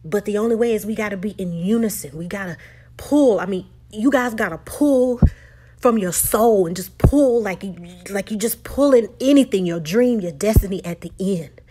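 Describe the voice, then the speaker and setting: A woman doing a hushed, urgent older father. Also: moderate pace, slight background noise, natural voice. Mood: rousing. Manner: low hushed urgent whisper. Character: grieving veteran father, older man, intense.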